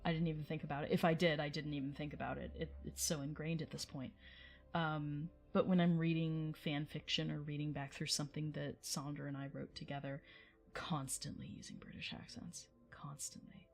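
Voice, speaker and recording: A woman's voice: low voice, level tone, a little fast, gravelly, faint music behind. A woman hosting a livestream, chatting casually with viewers in a rambling way and laughing often. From United States. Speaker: livestream host.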